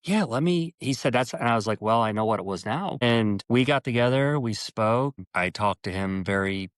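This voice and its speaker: A man as an interview guest telling a personal story earnestly, halting and restarting, and acting out quoted dialogue with his voice jumping up in pitch. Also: clean tone, dry recording.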